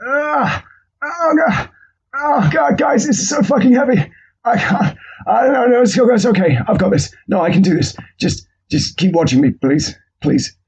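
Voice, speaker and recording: A man's voice: animated, measured pace, slightly rough, full character voice. A man doing a grunting, straining gym meathead. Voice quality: strained, groaning, high-pitched.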